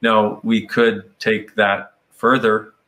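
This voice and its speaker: A man speaks slowly in a lowish voice with little pitch movement and a bright, forceful tone. Talking casually about personal growth, he meanders reflectively and at times adopts playful quoted voices.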